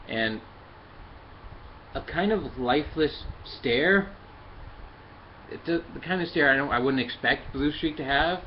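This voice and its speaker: A man talks through a hands-on toy review in a mid-pitched voice, pausing often with fillers as he works the parts. The recording sounds a little dull and lo-fi, with a faint hiss underneath. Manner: halting, many fillers, talks while handling the toy. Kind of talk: casual hands-on review and demonstration.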